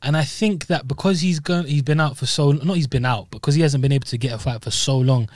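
A man's voice: fairly high pitch, fast, a little mellow, no echo. A man with a British accent co-hosting a fight podcast in casual chat, full of fillers. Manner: chatty, lots of fillers and "you know what I mean". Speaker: podcast co-host.

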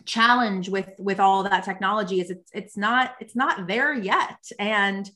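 A woman's voice: medium pitch, unhurried, sharp tone. A woman hosting a podcast, talking in a casual, enthusiastic way with many restarts. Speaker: podcast host. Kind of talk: casual interview conversation.

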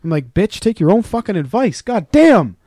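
A man co-hosting a casual podcast, telling stories with lots of swearing and loud acted-out quotes. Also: sits high, sing-song, moderate pace, no room sound, studio quality. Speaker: podcast co-host. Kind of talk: casual profane chat.

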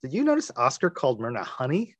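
A man's voice: mid-range voice, huge pitch swings, fast talker, no echo. A man co-hosting a podcast, musing in a rambling way full of restarts. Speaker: podcast co-host. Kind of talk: casual chat.

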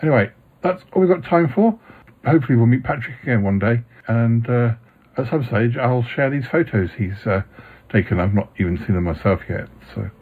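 Husky man hosting a podcast. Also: medium pitch, lively intonation, fairly quick. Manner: gently scolding, patient. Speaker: podcast host. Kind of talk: casual chat with a puppet-style character. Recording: dull lo-fi sound.

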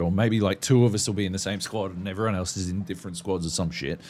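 A man's voice: deep voice, a little mellow. A man, co-hosting a podcast, telling stories in a profane, rambling, casual way. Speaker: podcast co-host. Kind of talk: casual chat.

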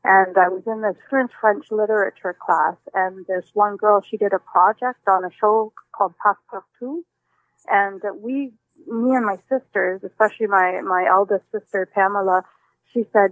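A woman in her forties, a musician, answering interview questions in a reflective, animated way with many restarts. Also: mid-range voice, moderate pace, no echo. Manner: warm, reflective, with frequent restarts and exclamations. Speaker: musician guest. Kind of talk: relaxed personal interview answers. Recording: dry, tinny phone-like line.

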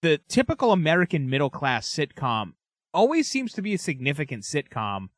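A man's voice: a little high, huge pitch swings, fairly quick, no echo. A man co-hosting a podcast, chatting loosely and with emphatic enthusiasm. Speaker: podcast co-host. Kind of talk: casual chat.

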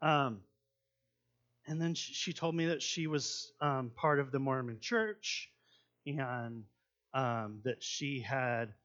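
A young man recounts a faith experience in an informal sermon voice, pitched somewhat high for a man. His delivery is chatty and halting, with plenty of fillers, then grows louder as the tension builds. The recording sounds dull and lo-fi. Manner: conversational storytelling with fillers, swelling louder at intense moments. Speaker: speaker telling a personal testimony. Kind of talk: sermon-style personal story.

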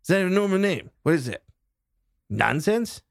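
A man's voice: high voice, very animated, normal speed, vocal fry, dry recording, clean studio sound, voice pushed up, exaggerated voice. A man voicing a jittery young male medic who has a head cold, talking in a stuffy, nasal, rambling and defensive way. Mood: nervous.

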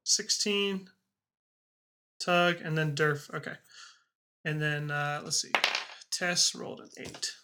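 A man narrating as game master of a tabletop game, halting with frequent ums and uhs. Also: a little high, bright, forceful tone.

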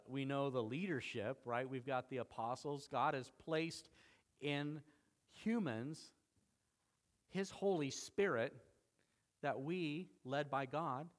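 A middle-aged male pastor preaching a sermon, emphatic, with dramatic quoted lines. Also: mid-range voice.

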